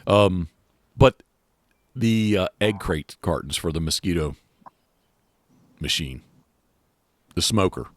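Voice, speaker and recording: A man's voice: low voice, slow pace, long pauses, no echo. A man hosting a podcast, talking casually in a rambling way with many restarts and fillers. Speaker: podcast host. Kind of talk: casual chat.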